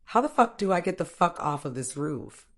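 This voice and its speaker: A woman's voice: fairly low pitch, sing-song, moderate pace. A woman voicing a streetwise young woman who curses and talks sternly and defiantly in a story reading. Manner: stern, profane, blustering. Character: tough, streetwise young woman, cursing, scared but defiant.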